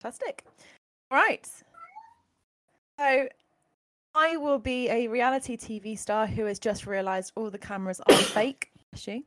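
A woman setting up an improv game from her bedroom on a video call, brisk and organizing. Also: on the high side, steady tone, fairly bright tone, a little hiss or hum. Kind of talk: casual improv game hosting.

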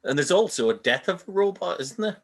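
A man's voice: sits high, sing-song, a little fast, breathy edge. A man in casual chat, easygoing, often asking his friend to agree with him. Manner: easygoing, asks for agreement with tag questions. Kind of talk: casual chat reviewing an old puppet show.

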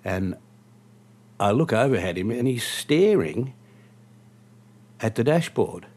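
A man's voice: mid-range voice, sing-song, takes it slowly, darkish tone, breathy edge. A man, a taxi driver telling a story about a fare in a dry, wry, conversational way. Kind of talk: spoken anecdote storytelling.

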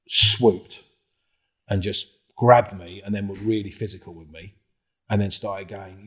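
This guest is a former undercover cop from England, speaking slowly in a low, husky voice. Across the casual interview he curses freely and brings his stories to life by voicing what others said.

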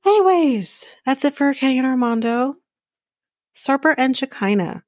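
On her podcast, a high-voiced, expressive woman recaps a reality show with sarcastic bluntness and plenty of cursing, frequently breaking into laughter. She speaks at a moderate pace, and the studio sound is clean and dry.

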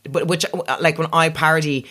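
A woman's voice: low voice, flat delivery, normal speed, fairly bright tone. A young woman comedian with a posh South Dublin accent, chatting casually and mocking herself. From Ireland. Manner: chatty, self-mocking, laughs often. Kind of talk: casual podcast chat.

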